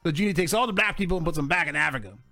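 Man, podcast host, crude joking, loud laughter, gravelly, highish voice, music behind. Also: very fast. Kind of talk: crude casual comedy chat.

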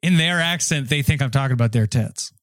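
A man's voice: medium pitch, fairly quick, no room sound. A man co-hosting a comedy podcast, bantering in a goofy, mock-announcer way. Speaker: podcast co-host.

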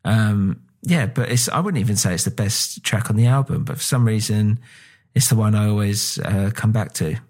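A man's voice: lowish voice, lively intonation, moderate pace, darkish tone. A man with a British accent chatting casually on a podcast, rambling with lots of fillers and casual swearing. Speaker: podcast co-host. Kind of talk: casual chat.

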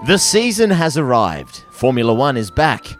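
Lively playful male podcast co-host. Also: medium pitch, moderate pace, soft background music. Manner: playful, mock-earnest poem reading. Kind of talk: comedic podcast banter.

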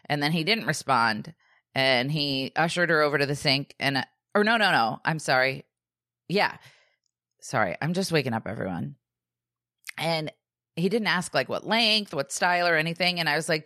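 A woman in her thirties, a podcast co-host, telling a story in casual chat, animated and acting out the voices of the people she quotes, with lots of "like" and "dude". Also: deep voice, moderate pace, no echo, studio quality.

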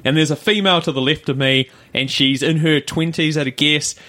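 Brief: New podcast co-host, casual anecdote teller, full of fillers. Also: male voice, on the high side, steady tone, fairly quick, bright, forceful tone. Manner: rambling storyteller, many fillers. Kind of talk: casual chat.

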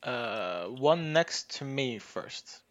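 A man playing at a tabletop game table, speaking in a hesitant, low-key way. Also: expressive, very slow, fairly bright tone. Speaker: player. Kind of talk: casual chat at a game table.

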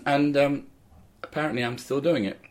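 A man's voice: medium pitch, sharp tone. Older man telling rambling stories. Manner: rambling, anecdotal storytelling. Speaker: guest comedian and musician. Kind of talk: casual interview chat.

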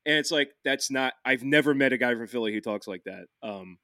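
A man, hosting a casual podcast. He talks in a loose, rambling way, swearing often and restarting his sentences. His voice sits at a middle pitch and sounds dry and close. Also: brisk, bright, forceful tone, no room sound. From Philadelphia, USA. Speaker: podcast host.

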